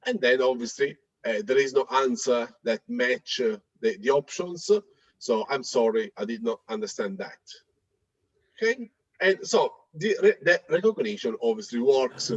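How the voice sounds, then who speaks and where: A man presenting a live software demo, talking in a hesitant way with many fillers and restarts. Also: mid-range voice, breathy edge, no room sound, muffled recording. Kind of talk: live tech demo talk.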